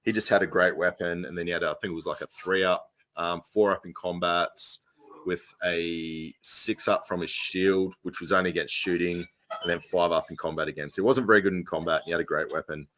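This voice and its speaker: Male podcast co-host, very low voice, rambling casual delivery, dry close sound. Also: fairly even intonation, a little fast, fairly bright tone, no room sound. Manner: rambling, lots of fillers and restarts. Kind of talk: casual chat.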